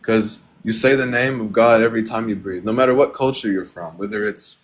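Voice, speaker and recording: A man's voice: on the low side, steady tone, fairly quick. A man hosting a devotional livestream from home, talking casually in an earnest, grateful, rambling way. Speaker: livestream host. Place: at home with pet birds.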